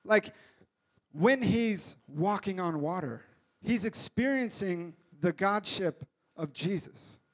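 A man preaching a casual, jokey sermon, retelling a story in a lively way with acted-out voices. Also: high voice, slow pace.

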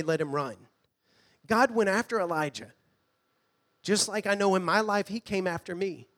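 A man preaching a sermon in a church, earnest, sometimes dropping to a hush. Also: sits high. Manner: earnest preaching, drops to a hush on quoted lines. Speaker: pastor. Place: church hall.

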